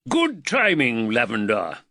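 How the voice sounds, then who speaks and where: A man's voice: mid-range voice, wildly swooping pitch, takes it slowly, pushed and bright, dry recording, studio quality, full character voice. A man voicing a teasing, arrogant upper-class surgeon who talks down to his student. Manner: mocking, imperious.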